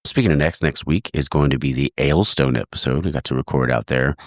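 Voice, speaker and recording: A congested, tired man hosting a podcast, giving a relaxed, thankful solo sign-off. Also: a bass voice, quick pace, dry recording, clean studio sound. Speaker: podcast host.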